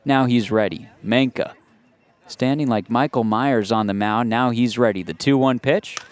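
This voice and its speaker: A man doing radio play-by-play of a baseball game, calm and steady, rising to excited shouts on big plays. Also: medium pitch, moderate pace, clean tone. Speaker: play-by-play announcer.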